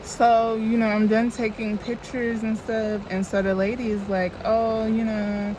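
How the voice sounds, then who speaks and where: A woman's voice: fairly high pitch, flat delivery, a little slow, noisy background. A young woman, telling a storytime in a loose, chatty, profane way into a phone camera while doing her makeup. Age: young adult. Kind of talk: casual storytime vlog.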